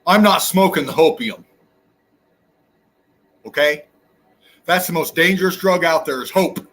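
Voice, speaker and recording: A man's voice: a little high, a little slow, fairly bright tone. Fiery, profane man ranting huskily. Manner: profane, fiery, preachy rant. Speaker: channel host. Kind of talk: angry ranting monologue.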